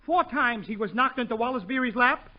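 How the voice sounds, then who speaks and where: A man's voice: extremely high pitch, animated, a little fast. A man hosting a 1940s radio comedy show, delivering punchy wisecracks. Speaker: comedian host. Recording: muffled old radio with studio audience and hiss.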